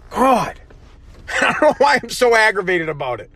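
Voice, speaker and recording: A man hosting a solo podcast from his truck while driving, ranting in a profane, worked-up way and getting loudly passionate. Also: high-pitched, very animated, normal speed, dry recording. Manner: passionate, yells when fired up. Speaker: podcast host. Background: faint road and engine noise.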